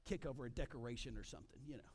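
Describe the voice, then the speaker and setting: A man preaching a sermon as pastor, animated, with frequent asides to the congregation. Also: medium pitch, rapid-fire, husky.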